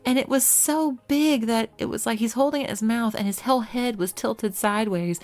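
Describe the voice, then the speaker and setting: A woman telling stories about her cat in a casual vlog, animated and often laughing, with quoted lines in a much higher voice. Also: a little fast. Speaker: pyrography artist and video host.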